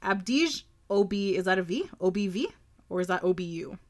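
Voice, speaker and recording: A woman's voice: mid-range voice, animated, moderate pace. A young woman, co-hosting a beer tasting in blunt, profane, laughing chat. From Canada. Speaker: co-host of a beer tasting show. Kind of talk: casual chat.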